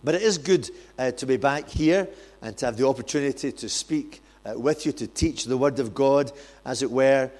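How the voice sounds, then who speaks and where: A man's voice: mid-range voice, darkish tone. A man, a guest preacher in a church, telling self-deprecating jokes before he prays and preaches. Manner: jokey, self-deprecating storyteller. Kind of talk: sermon with humorous anecdotes.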